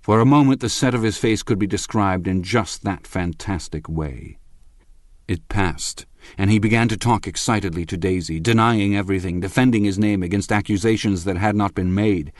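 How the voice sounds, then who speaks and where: A man narrating a literary novel as an audiobook, in a measured, expressive first-person reading. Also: on the low side, dry recording, studio quality.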